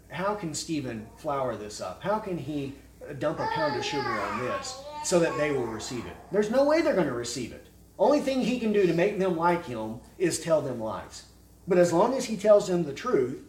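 A man delivers a forceful expository sermon in a slightly raised voice, pressing his listeners with pointed rhetorical questions. He is recorded from some distance in a roomy, echoing space with faint ambience behind him. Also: a little high, sing-song, normal speed, slight background noise. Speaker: preacher. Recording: echoey room, mic at a distance.

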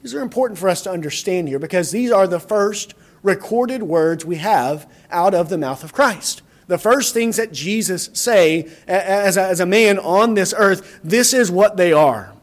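High-voiced man preaching earnestly. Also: animated, moderate pace, hardly any pauses. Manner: earnest, repeats words and restarts phrases. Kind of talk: sermon.

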